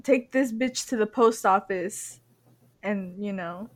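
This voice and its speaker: Slow-talking giggly young woman. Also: medium pitch. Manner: giggly, deadpan jokes, trailing off. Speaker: co-host answering questions. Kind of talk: casual joking chat.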